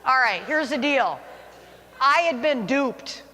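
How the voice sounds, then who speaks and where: A woman in her forties tells a self-mocking personal story to an audience, her higher voice swooping with lively pitch. She sounds like a teacher who loves a good anecdote. The sound rings with a long hall reverb. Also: slow pace.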